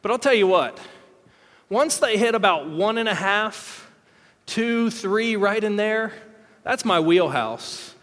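A man with a high voice preaches to a congregation, sounding open and conversational and poking fun at himself now and then. His voice carries a long reverb from a large church hall. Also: animated, takes it slowly, a bit bright. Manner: candid, conversational, self-deprecating humor. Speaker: pastor. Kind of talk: sermon.

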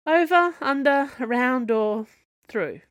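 A woman's voice: high voice, animated, slow pace, no echo, clean studio sound, voice pushed up. A woman reading the lines of a bold, sardonic young woman champion who carries a sword, in a storybook serial.

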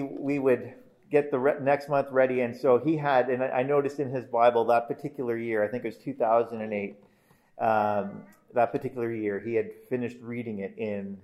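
A pastor gives a funeral eulogy in an earnest, measured manner, frequently restarting phrases and letting the ends of lines fall softly. His voice is mid-range.

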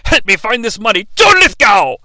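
A man putting on a mock English accent to play a manic, shouting actor who claims to be an alien. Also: very high voice, big pitch swings, moderate pace, noisy background. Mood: yelling, manic.

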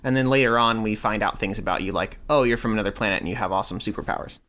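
A man running a tabletop game, explaining the rules in a halting, searching way. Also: on the low side, fairly bright tone. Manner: halting, restarts while explaining. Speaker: game master.

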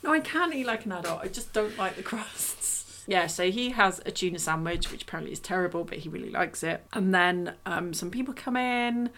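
A woman's voice: on the low side, lively intonation, a little fast, few pauses, a bit bright, slight background noise. A woman casually chatting on a podcast, recapping a film in a rambling, self-mocking way. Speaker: podcast co-host reviewing a film. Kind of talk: casual chat.

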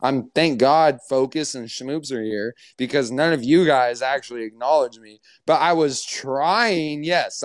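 A man's voice: mid-range voice, no room sound. A man hosting a casual livestream chat, teasing and ranting in mock outrage and swearing freely. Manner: playfully indignant, ranting, swearing. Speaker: stream host.

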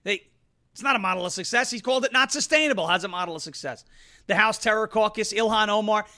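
A man's voice: high voice, fast talker, pushed and bright. A man hosting an opinionated political commentary show, combative and sarcastic, repeating phrases for emphasis.

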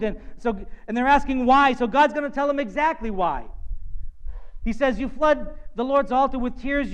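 High-voiced male pastor preaching. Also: clear, resonant tone, poor audio. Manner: earnest preaching, acts out voices of people and God. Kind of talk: sermon.

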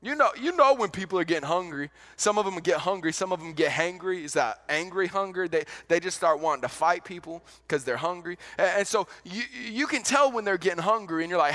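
A male pastor with a high-pitched voice preaching a sermon. He talks in a relaxed, conversational way and often restarts and repeats words as he goes. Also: brisk, hardly any pauses.

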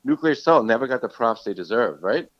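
A man hosting a casual chat who swears a lot and tells animated stories. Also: mid-range voice, fast, dull audio. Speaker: podcast host.

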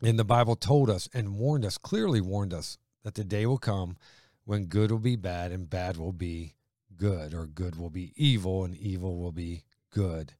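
A man preaching a sermon with fervent emphasis, his delivery rising loud and dropping quiet. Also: low voice, moderate pace, no room sound, studio quality.

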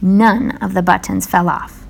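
A woman reading a children's storybook aloud in a slow, even manner. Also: mid-range voice, gravelly.

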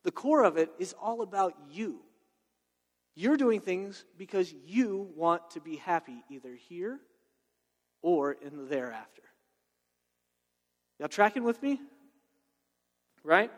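A man preaching a sermon in a conversational, animated way, full of personal stories and checking in with "right?". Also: high-pitched, slow, pauses often. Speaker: pastor. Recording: long reverb of a large hall.

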